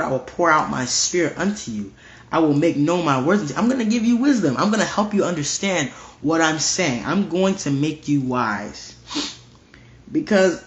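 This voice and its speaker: A man giving a casual verse-by-verse Bible study, reading scripture aloud and repeating his points with emphasis. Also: a little high. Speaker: Bible teacher. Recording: roomy, dull lo-fi recording.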